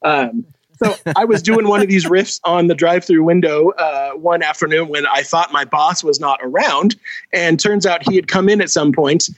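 A chatty man in his forties from California calls in, speaking in a slightly higher register than most men. His voice sounds close and dry, with no room around it. He tells self-deprecating stories with the lively delivery of a born mimic. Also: moderate pace, no room sound. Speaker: caller. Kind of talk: casual call-in chat.

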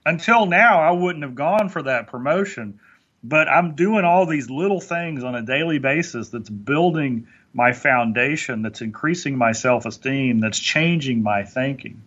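A man's voice: mid-range voice, measured pace, fairly bright tone, muffled recording. A man talking earnestly on a motivational podcast, stumbling into restarts as he makes his points. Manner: earnest, preachy, with many restarts. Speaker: podcast guest speaker.

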